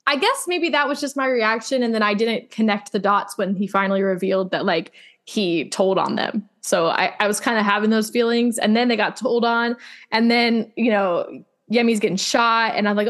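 A woman's voice: mid-range voice, moderate pace, a bit bright. A young woman co-hosting a casual podcast, talking with lots of fillers and getting openly emotional. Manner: chatty, filler-heavy, emotional. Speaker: podcast co-host. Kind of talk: casual chat.

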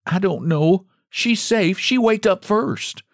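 A man's voice: high voice, slow, gravelly, no room sound, clean studio sound, voice pushed up, heavily acted. A man voicing a frightened young mother who sobs in breathless country dialect. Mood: tearful.

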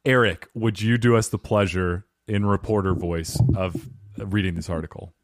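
A man hosting a podcast, joking and quick to laugh. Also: low voice, steady tone, dry recording, clean studio sound. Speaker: podcast host. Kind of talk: casual podcast chat.

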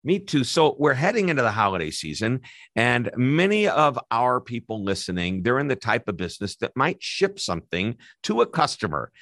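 A man's voice: mid-range voice, sing-song, moderate pace, fairly bright tone, no echo, studio quality. A man hosting a business interview podcast, upbeat and chatty, who sometimes stumbles over his words. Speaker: podcast host.

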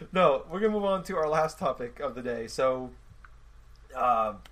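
A man runs his home podcast in a loose, rambling way, laughing and cursing freely. His pitch swings widely from line to line, and he sounds lively and unscripted. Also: unhurried. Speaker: podcast host. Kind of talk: casual podcast chat. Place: home room next to a mini fridge.

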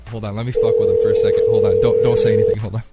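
A man co-hosting a show in casual, crude banter, joking loudly and swearing freely. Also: fairly low pitch, little pitch movement, very fast, over loud music. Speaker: co-host.

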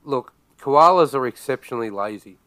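Australian guest, easygoing man, smooth clear voice, dry close sound, casual podcast chat. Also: medium pitch, expressive, normal speed, a bit bright, no echo. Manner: laid-back, opens points with "look".

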